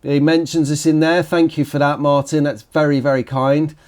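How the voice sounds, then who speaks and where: British male vlog host, chatty and rambling, slightly raised pitch. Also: flat delivery, moderate pace, darkish tone. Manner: chatty and rambling, with frequent restarts. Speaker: slot car vlogger. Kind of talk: casual chat to camera.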